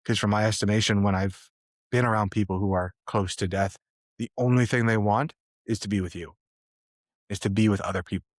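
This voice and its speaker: A man co-hosting a podcast, talking in an earnest, measured and reflective way. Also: fairly low pitch, fairly even intonation, no echo, studio quality. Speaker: podcast co-host.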